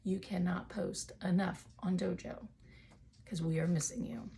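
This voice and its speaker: A woman's voice: fairly low pitch, steady tone, unhurried, warm tone, slight background noise. A woman teaching a phonics lesson to young children from home, talking in a patient, encouraging way.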